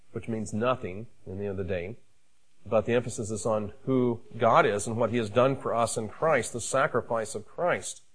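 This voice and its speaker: A man, a pastor, preaching a sermon in a measured, emphatic way with frequent fillers. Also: medium pitch, fairly bright tone, rough recording.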